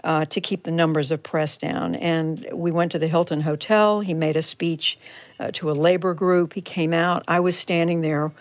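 An older woman journalist speaks in a low voice, recounting her experiences reflectively and piecing sentences together as she goes. Her voice sounds dry and close to the mic. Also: fairly even intonation, moderate pace, no room sound. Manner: reflective, recounting in detail with frequent restarts. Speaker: journalist guest. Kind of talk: radio interview recollection. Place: converted home TV studio.

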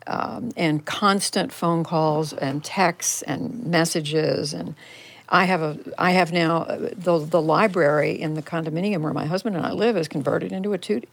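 Older woman journalist recalling, low-voiced. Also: fairly even intonation, moderate pace, creaky. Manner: reflective, recounting in detail with frequent restarts. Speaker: journalist guest. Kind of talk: radio interview recollection. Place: converted home TV studio.

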